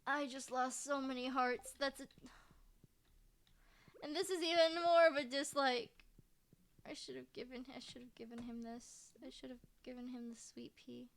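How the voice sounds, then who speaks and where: Chatty woman streaming a farming game, high voice, lil bit of music underneath. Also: fairly bright tone. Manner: chatty, reads character lines aloud, jokey. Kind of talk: casual gameplay commentary. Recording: faint music behind.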